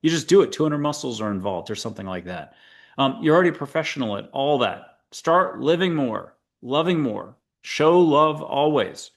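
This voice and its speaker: A man's voice: medium pitch, expressive, normal speed. Rambling, joking male spiritual show host. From United States. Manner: rambling and digressive, with playful asides and dad jokes. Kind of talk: casual spiritual talk to camera.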